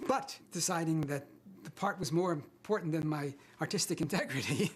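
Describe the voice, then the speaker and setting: A man's voice: a little high, normal speed, few pauses, slight background noise. An older man, an actor guest in an interview, telling self-deprecating anecdotes with hesitant restarts.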